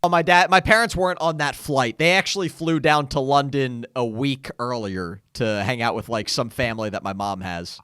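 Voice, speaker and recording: A young man co-hosting a podcast, telling a travel story in a casual, animated way and acting out what others said. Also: medium pitch, normal speed, hardly any pauses, smooth, dry recording, clean studio sound. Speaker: podcast co-host.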